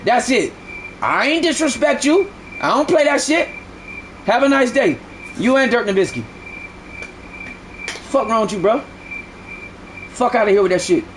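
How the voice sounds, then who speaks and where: Guy with a real high voice going off on his chat live, cussing, saying stuff over and over. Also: fairly bright tone, slight background noise. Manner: heated, repetitive, profane arguing. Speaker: live game streamer. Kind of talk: ranting at live chat during a stream.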